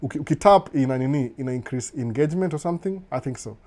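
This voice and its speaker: A man's voice: medium pitch, animated, racing, a little mellow. A middle-aged Kenyan man hosting a casual live stream, reading viewer comments and switching between Swahili and English, often saying "no, no" and chuckling.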